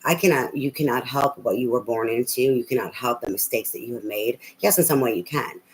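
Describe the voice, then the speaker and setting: A woman's voice: extremely low pitch, brisk, low-quality recording. A woman tarot reader on a live reading, talking bluntly and profanely in a rambling, ranting way with many fillers.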